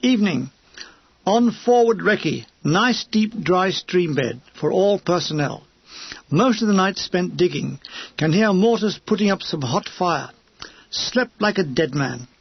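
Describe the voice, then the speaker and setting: Male audiobook narrator, wry and dry, husky, in a dull, dry recording. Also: high-pitched, dry recording. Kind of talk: audiobook reading of a war memoir.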